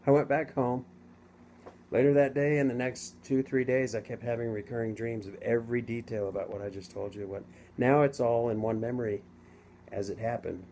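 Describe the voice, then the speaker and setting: A middle-aged man casually telling his own story to camera, rambling and halting with many restarts. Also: mid-range voice, fairly even intonation, mellow, slight background noise. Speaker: vlogger telling his near-death story.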